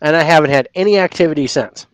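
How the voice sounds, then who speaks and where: A man co-hosting a casual paranormal podcast, telling a story with lively acted-out reactions. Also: fairly high pitch, fast talker, clean tone, no echo. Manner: animated storyteller, acts out his own reactions loudly. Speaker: podcast co-host.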